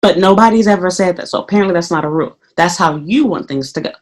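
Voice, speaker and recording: A woman's voice: on the low side, quick pace. A woman who teaches English in Japan talks to the camera in a casual vlog. She curses freely and acts out her own remarks as she tells the story. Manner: profane, animated storytelling.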